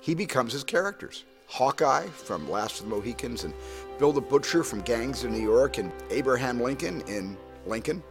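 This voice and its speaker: A man's voice: mid-range voice, lively intonation, moderate pace, natural voice. A man in a comedy sketch playing a famous film director, speaking with dry, wry humor over music.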